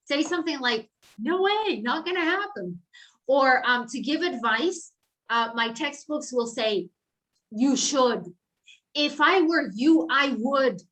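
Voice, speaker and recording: Brief: middle-aged female lecturer, high and bright, animated and chatty, video-call sound. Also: low-quality recording. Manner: chatty, animated, peppered with "like" and "right?". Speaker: guest lecturer. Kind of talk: lively online lecture.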